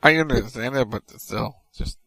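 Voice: mid-range voice, moderate pace, vocal fry, bright, forceful tone, husky, no room sound. A podcast co-host chatting casually, mostly giving short, wry replies. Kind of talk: casual chat.

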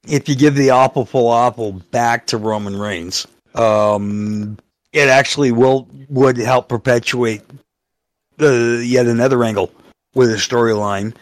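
A man's voice: mid-range voice, no room sound. A man hosting a casual podcast, talking in a laid-back way with plenty of uhs and ums. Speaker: podcast host.

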